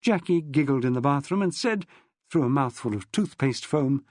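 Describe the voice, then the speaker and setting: A man narrating a novel as an audiobook, with an expressive storyteller's lilt. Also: medium pitch, normal speed, no room sound, studio quality.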